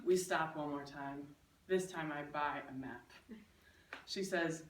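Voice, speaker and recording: A woman giving a humorous storytelling speech to an audience, with animated, comic delivery. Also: sits low, takes it slowly, long pauses, slight background noise. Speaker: Toastmasters speaker. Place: room with an audience. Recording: roomy echo from a distant mic. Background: audience laughter.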